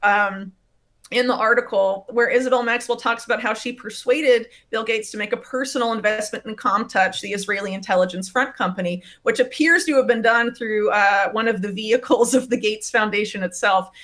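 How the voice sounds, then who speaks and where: A woman's voice: on the high side, brisk, a bit bright. A woman speaking as an interview guest and investigative writer, explaining at length with many uhs and ums. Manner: detailed, fact-heavy explaining with frequent uhs and ums. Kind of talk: remote interview.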